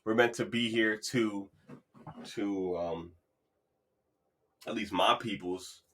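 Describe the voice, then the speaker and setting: Solo male podcast host, lowish bright voice, loose motivational rambling. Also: takes it slowly, a little hiss or hum. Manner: loose, rambling, upbeat and encouraging. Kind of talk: casual motivational monologue. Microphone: podcast mic.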